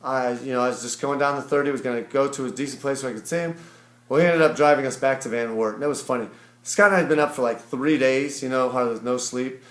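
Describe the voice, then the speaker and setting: A man from Ohio recaps a long trip in a loose, rambling vlog monologue, stopping often for fillers and quoting others along the way. His voice sits in a middle pitch. The room gives it a noticeable echo. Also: fast. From Ohio, USA. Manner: rambling, filler-heavy, quotes people as he tells it. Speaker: vlogger. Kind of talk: casual storytelling recap.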